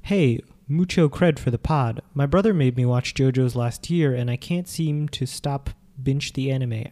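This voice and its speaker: A man co-hosting a casual podcast, reading a listener email in a deadpan, teasing way. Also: mid-range voice, normal speed. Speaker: podcast co-host.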